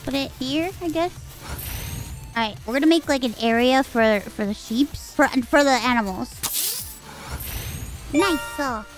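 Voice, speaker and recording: A woman streamer giving excitable live commentary on a game she is playing, squealing, swearing and cooing cutely at creatures. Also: high-pitched, unhurried, pauses often. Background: game music.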